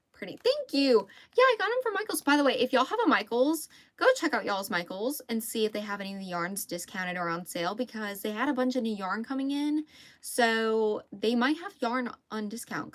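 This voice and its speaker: A woman's voice: fairly high pitch, lively intonation, moderate pace, fairly bright tone, dry recording. A young woman with a Southern US accent chatting casually on a crochet livestream, reading out viewer comments and laughing easily. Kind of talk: casual live chat.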